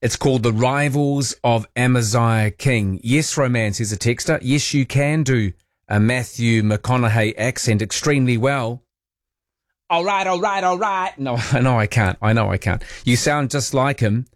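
A man's voice: medium pitch, normal speed, dry recording, clean studio sound. Male New radio host, mid-range voice, chatty and self-deprecating. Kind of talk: casual radio chat.

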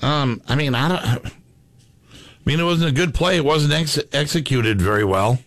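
A man's voice: medium pitch, normal speed, dry recording. A man hosting a sports radio show, chatting casually and reading out listener messages. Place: radio studio.

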